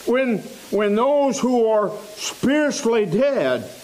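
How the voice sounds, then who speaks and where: A man preaching a sermon in a church, slow and emphatic, repeating phrases for stress. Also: very high-pitched, big pitch swings, darkish tone, poor audio.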